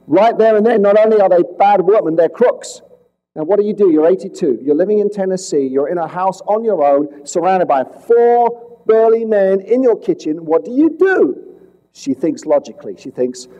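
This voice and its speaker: A man investigating fraud, telling a case to police as a dramatic story with rhetorical questions, swinging between loud points and hushed asides. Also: sits high, lively intonation, moderate pace, lo-fi sound. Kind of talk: storytelling presentation to an audience.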